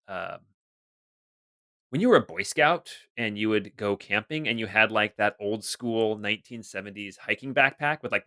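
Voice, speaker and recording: A man running a tabletop game, meandering through his descriptions with plenty of ums and likes. His mid-pitched voice sounds close and dry. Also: bright, forceful tone, no echo. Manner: rambling, many fillers. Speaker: game master.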